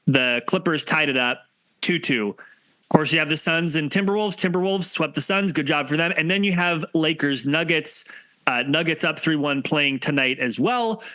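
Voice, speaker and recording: A man co-hosting a sports podcast in casual chat, lively and jokey as he rattles off scores. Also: a little high, moderate pace, no room sound. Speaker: podcast co-host.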